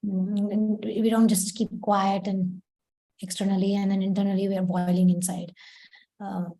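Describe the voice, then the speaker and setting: A woman speaking as a spiritual teacher in a devotional lesson. Her voice is mellow and relaxed, and her pitch sits at an ordinary middle level. She explains patiently and slips into short acted quotes to make her points. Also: normal speed.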